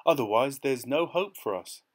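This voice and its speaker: A man's voice: medium pitch, normal speed, fairly bright tone, lightly acted. A man doing an earnest, pleading young girl. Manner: pleading and anxious.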